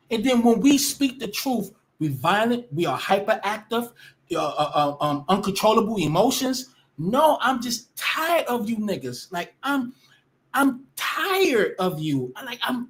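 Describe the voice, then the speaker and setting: A woman ranting casually to her viewers, blunt and profane, often restarting her sentences. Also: mid-range voice. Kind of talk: casual rant to camera.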